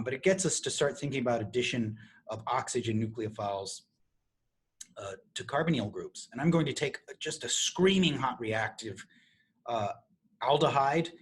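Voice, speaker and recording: A middle-aged man lecturing on chemistry to a university class. He explains step by step, restarting phrases and clearing his throat often. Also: mid-range voice. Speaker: chemistry professor.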